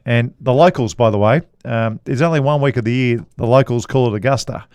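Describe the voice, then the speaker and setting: A middle-aged Australian man unspools a meandering golf story, pausing and restarting and chuckling as he goes. His voice sits in a middle register. The sound is close and dry. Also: mid-range voice, a little mellow, clear, resonant tone, no echo. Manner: rambling anecdotal storyteller, chuckles often. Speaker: podcast co-host, golf commentator. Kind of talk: casual storytelling chat.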